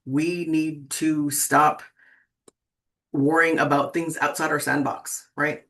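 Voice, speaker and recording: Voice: medium pitch, slow, fairly bright tone. Rambling sixty-something tarot host. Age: 60s. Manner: rambling, keeps asking "right?"; restarts and filler-heavy. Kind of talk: casual spiritual talk to viewers.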